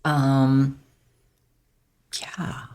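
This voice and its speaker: A woman's voice: extremely low pitch, level tone, very slow, darkish tone. A woman speaking as a podcast guest, telling a personal story candidly in a rambling way, filling her phrases with "like". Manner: rambling, fills every phrase with "like".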